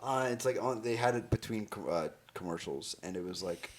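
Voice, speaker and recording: A man's voice: fairly low pitch, animated, a little fast. A man co-hosting a podcast in casual chat, rambling with lots of fillers and crude jokes. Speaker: podcast co-host.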